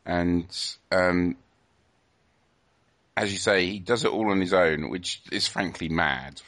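A man's voice: low-pitched, takes it slowly, a bit bright. A man hosting a podcast in casual chat, playful and teasing, often laughing. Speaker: podcast host.

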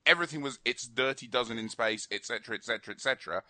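A man's voice: mid-range voice, rapid-fire, bright, forceful tone, dry recording. A man co-hosting a film review radio chat, opinionated and rambling, with many fillers and restarts.

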